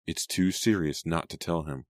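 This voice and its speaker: A worried teenage girl talks softly and dryly, scolding a friend, as a man reads her part in a storybook. The voice stays very deep, close and dry. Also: normal speed, no room sound. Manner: soft and low, scolding.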